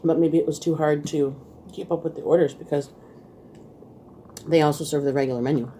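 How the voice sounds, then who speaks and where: A woman with a low, mellow voice chats casually between bites. She talks to viewers in an easy mukbang style, laughing often. Faint clinks of cutlery and dishes sit behind her. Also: steady tone, fairly quick, a little hiss or hum. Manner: chatty, eating while talking, laughs often. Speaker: vlog host.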